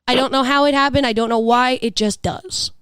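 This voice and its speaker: A woman's voice: high-pitched, fairly even intonation, brisk, a bit bright, clear, resonant tone, no room sound, studio quality. A woman in her thirties with a New York accent, talking and laughing in a casual podcast chat. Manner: chatty, laughing, swearing, restarts often. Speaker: podcast co-host.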